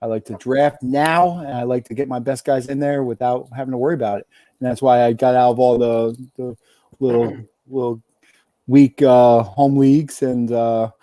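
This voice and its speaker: A man's voice: mid-range voice, fairly even intonation, moderate pace, warm tone, dry recording. A man co-hosting a podcast in casual chat, laid-back and rambling. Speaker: podcast co-host.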